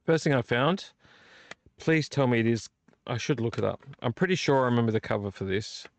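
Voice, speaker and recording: A man's voice: medium pitch, lively intonation, fairly quick. A man hosting his own live vlog, ranting with repeated rhetorical questions about collecting. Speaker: vlog host. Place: home room.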